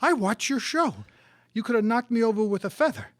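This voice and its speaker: An older man hosting a comedy show, trading deadpan quips and jokes with his partner. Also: very high-pitched, a little fast, no echo. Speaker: host. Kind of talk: comedic song and banter.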